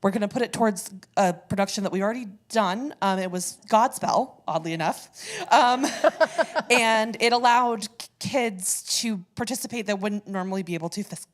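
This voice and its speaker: Teary woman giving halting thanks. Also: mid-range voice. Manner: halting, teary, laughing between phrases. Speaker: community theater guest speaker. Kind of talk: emotional off-the-cuff thank-you speech. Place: church sanctuary.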